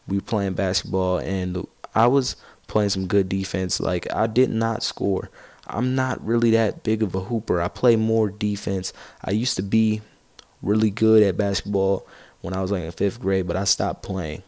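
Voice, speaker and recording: Low-voiced teen guy rambling a story. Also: moderate pace, no echo. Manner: rambling, gets loud and excited while laughing at his own stories. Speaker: gaming commentator. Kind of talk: casual storytelling over gameplay.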